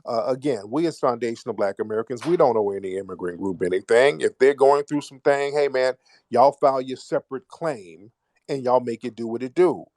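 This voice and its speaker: A man's voice: mid-range voice, fairly quick, a little mellow, no room sound. Man, talk host, blunt, sarcastic, mocking, dry close mic. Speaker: show host. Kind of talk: live call-in commentary.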